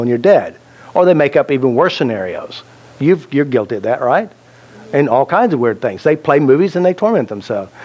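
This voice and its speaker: A man's voice: a little high, a little mellow. A man teaching a self-help seminar, telling anecdotes and joking, asking the audience questions. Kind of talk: live seminar talk to an audience.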